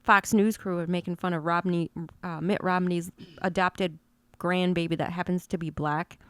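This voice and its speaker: A woman's voice: fairly low pitch, steady tone, moderate pace, smooth. A woman co-hosting a podcast in casual chat, blunt and opinionated, swearing freely. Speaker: podcast co-host.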